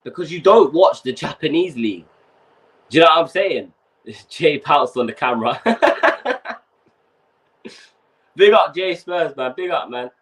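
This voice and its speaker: A young man hosts a casual fan livestream, ranting in slang and swearing as the heat gets to him. His voice sits a little high and swings wildly up and down. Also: lively intonation, unhurried, pauses often, fairly bright tone. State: overheated. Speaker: fan channel host.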